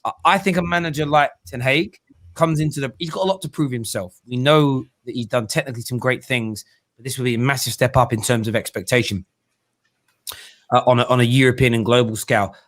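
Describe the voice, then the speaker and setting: A man's voice: mid-range voice, steady tone, fairly quick, a bit bright. A man hosting a casual live stream, chatty and rambling as he takes a caller. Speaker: host.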